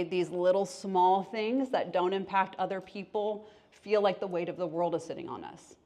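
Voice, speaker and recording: A woman's voice: on the low side, a little mellow. A woman, a therapist and life coach, giving an educational talk, asking the audience questions and acting out little voices.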